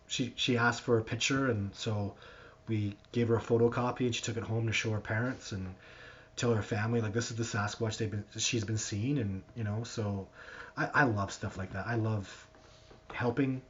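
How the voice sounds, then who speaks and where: A man hosting a live stream, answering viewer questions in a rambling, animated storytelling way with lots of restarts. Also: medium pitch, a little hiss or hum. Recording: dull lo-fi stream audio.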